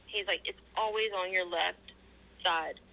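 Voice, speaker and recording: A woman with a very bright, sharp voice answers interview questions. She tells her story earnestly, with many ums, and acts out the quoted back-and-forth of a conversation. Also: lowish voice, fairly even intonation, unhurried, gravelly, low-quality recording. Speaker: interview guest.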